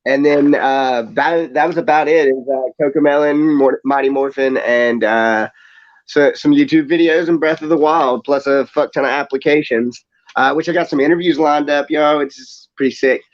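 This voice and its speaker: A man's voice: on the high side, fairly even intonation, moderate pace. A young man and father co-hosting a podcast in casual chat, laid-back, laughing often and full of fillers. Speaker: podcast co-host. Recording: slightly dull lo-fi audio.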